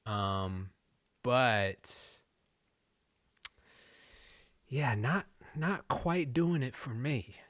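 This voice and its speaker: A man's voice: mid-range voice, expressive, very slow, long pauses, fairly bright tone, no room sound. Dry-sounding laid-back man reviewing music. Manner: laid-back, frank, laughs often, addresses chat. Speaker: host reviewing submitted music. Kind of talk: casual live-stream review chat.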